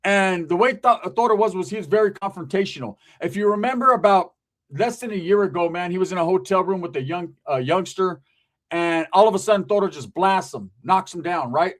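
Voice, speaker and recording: A man's voice: high voice, a little fast. A man hosting a casual commentary monologue, talking in a loose conversational way, often asking "right?" and correcting himself. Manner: conversational, frequent "right?" asides, profanity, self-corrections. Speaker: commentary channel host.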